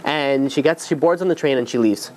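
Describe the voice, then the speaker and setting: A man's voice: medium pitch, fairly quick, darkish tone. Male rabbi, loose conversational storyteller, filler-heavy. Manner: conversational, many fillers and restarts. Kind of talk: storytelling talk to an audience.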